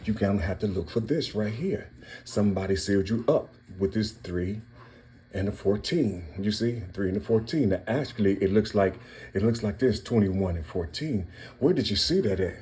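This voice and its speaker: A man's voice: fairly low pitch, expressive, normal speed, dark tone, a little hiss or hum. A man from Ohio giving a casual, repetitive monologue on hidden codes in words, talking straight to his listeners in a preachy way. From Cincinnati, Ohio, US. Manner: repetitive, circling back on phrases; preachy, addressing listeners directly. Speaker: channel host.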